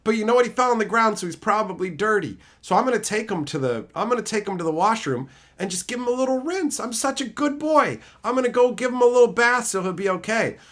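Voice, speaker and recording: Guy streamer cracking up and swearing while telling stories, voice jumps all over, kinda highish. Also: fairly quick, hardly any pauses. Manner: animated, profane storytelling with frequent laughter. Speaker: streamer answering chat. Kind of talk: casual livestream chat.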